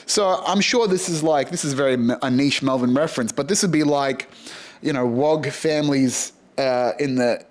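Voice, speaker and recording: A man's voice: mid-range voice, normal speed. A man with an Australian accent hosting a podcast, rambling through a casual, sweary monologue and laughing at his own jokes. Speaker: podcast host.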